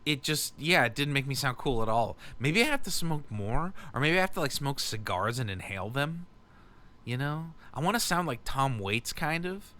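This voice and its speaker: A man's voice: mid-range voice, expressive, moderate pace, pushed and bright. A young man rambling profanely and mocking himself in a casual solo podcast, recorded in his garage on a bad mic cable. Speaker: podcast host. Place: home garage.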